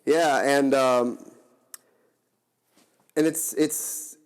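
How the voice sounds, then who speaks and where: Young man, podcast host, casual rambling chat, lots of fillers, mid-pitched voice. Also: fairly even intonation, drawn-out words. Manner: rambling, many fillers and restarts.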